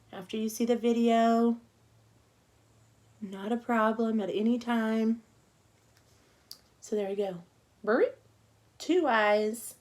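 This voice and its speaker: A middle-aged woman teaching an online cupcake decorating class, chatting casually and talking to herself as she works. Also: fairly high pitch. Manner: chatty, talks to herself while working, soft murmurs.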